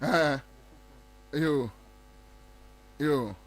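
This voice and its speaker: A man's voice: on the high side, extremely slow, a little hiss or hum. A Ghanaian man hosting a talk show, giving emphatic, repetitive political commentary and mocking others.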